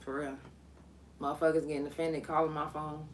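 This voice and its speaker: A young woman hosting a podcast, telling a story in blunt, profane, animated casual talk. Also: low voice, a little fast, a little hiss or hum. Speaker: podcast host.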